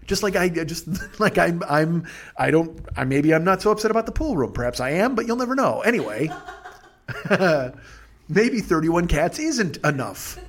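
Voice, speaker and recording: A man's voice: high-pitched, big pitch swings, normal speed, fairly bright tone. A man hosting a podcast, telling a rambling, profane comic story and laughing as he goes. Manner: profane, digressive, laughs through his stories. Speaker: podcast host.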